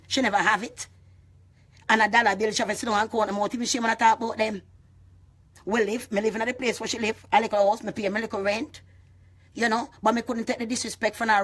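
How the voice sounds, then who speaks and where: A woman with a Jamaican accent speaks in heavy patois, swearing freely and rambling through an emotional live-stream rant, with loud bursts and laughter. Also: on the high side. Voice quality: heavy patois, frequent cursing. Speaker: vlogger.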